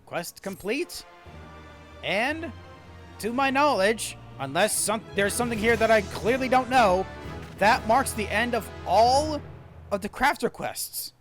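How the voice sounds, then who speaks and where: A man hosting a let's-play, talking casually and laughing at himself, his voice hoarse after a long day. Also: very high voice, animated, slow, fairly bright tone, soft background music. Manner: chatty, laughing, self-mocking. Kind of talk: gameplay commentary.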